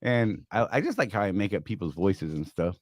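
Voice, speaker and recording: Fairly quick and very animated, a man in his fifties with a lowish voice hosts a loose live-stream chat as a podcaster. He rambles and jokes at his own expense, and there's no room sound at all.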